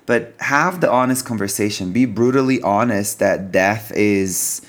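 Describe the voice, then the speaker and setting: A man hosting a podcast, talking haltingly and hesitantly about a painful family matter. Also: on the low side. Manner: halting, hesitant, with many fillers. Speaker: podcast host. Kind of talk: podcast conversation.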